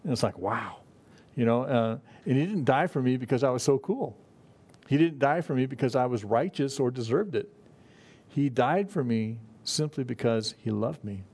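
A man's voice: medium pitch, animated, normal speed, a little mellow, breathy edge. A middle-aged man leads an evening Bible study in an easygoing, conversational way. His voice sits in an ordinary middle range, and he talks plainly, stopping and restarting as he goes. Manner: conversational, folksy, many fillers and restarts. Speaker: pastor.

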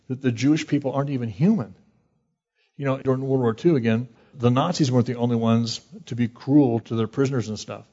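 A man's voice: mid-range voice, warm tone. A man teaching verse by verse from the Bible as a pastor, speaking in a plain, conversational way and reading scripture aloud. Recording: dull lo-fi recording.

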